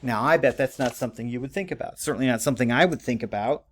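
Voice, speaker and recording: A man's voice: medium pitch, fast talker. A man teaching writing in a conversational lecture, with many fillers and frequent "okay?" checks. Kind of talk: recorded classroom lecture.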